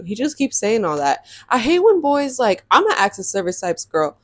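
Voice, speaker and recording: A young woman telling a dating story in a casual storytime vlog, sassy and animated and laughing often. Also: medium pitch, brisk, hardly any pauses, dry recording, studio quality.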